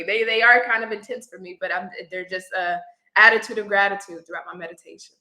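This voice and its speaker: Bright-voiced woman sharing her story. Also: medium pitch, fairly even intonation, quick pace, reverberant, low-quality recording. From Houston area. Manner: reflective, gets teary at times. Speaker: tarot reader guest. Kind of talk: emotional personal storytelling.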